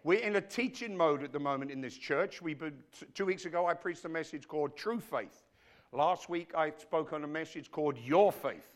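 A man preaching a sermon in church as the pastor, emphatic, dropping to a hush and rising to loud, speaking straight to his congregation. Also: fairly high pitch, moderate pace. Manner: emphatic, swinging between hushed and loud; addresses the congregation directly.

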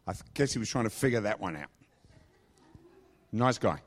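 A man's voice: lowish voice, animated, normal speed. A middle-aged man from England preaching in a chatty, joking storytelling style. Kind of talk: storytelling sermon.

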